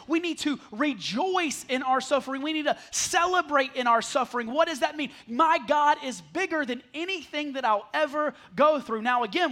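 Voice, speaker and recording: Man, pastor, very high bright voice, chatty sermon style with jokes. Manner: conversational, self-deprecating humor with the congregation. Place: church sanctuary. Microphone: handheld or headset mic.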